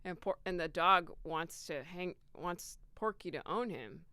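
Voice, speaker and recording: A woman's voice: on the low side, unhurried, no echo, studio quality. A woman comedian guest in a casual podcast chat, telling stories playfully. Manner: playful, animated storytelling.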